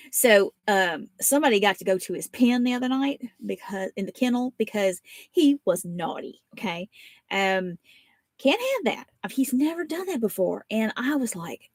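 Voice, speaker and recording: A woman's voice: mid-range voice, dry recording. Chatty woman, folksy rambling. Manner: rambling, folksy, animated storytelling. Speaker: papercraft vlogger. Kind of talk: casual chatty livestream.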